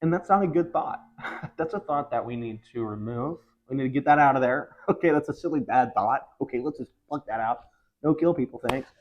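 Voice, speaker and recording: A man's voice: medium pitch, a little fast. A man hosting his own vlog from home, talking in a rambling casual monologue full of ums and frustration. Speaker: vlog host. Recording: slightly dull lo-fi recording.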